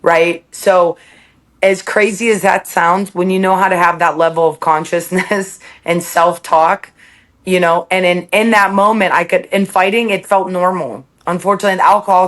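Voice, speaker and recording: A woman as a podcast guest, speaking candidly and reflectively, laughing between thoughts and quoting her own self-talk. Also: lowish voice.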